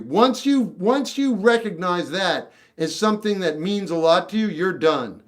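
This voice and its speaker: A man's voice: sits high, big pitch swings, unhurried, hardly any pauses, loud music behind the voice. A man hosting a casual livestream, reading chat questions and giving blunt, off-the-cuff opinions. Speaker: livestream host answering chat. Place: home room with a record collection.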